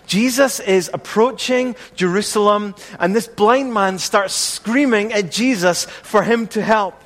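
A man's voice: high voice, a little slow, a bit bright, in a large hall. A man preaching a sermon as pastor, earnest and repetitive, asking the congregation rhetorical questions.

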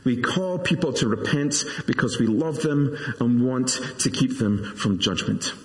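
A man in his forties, a pastor preaching a sermon in an earnest, measured way with self-deprecating asides. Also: medium pitch, animated. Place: church. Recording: reverberant church hall.

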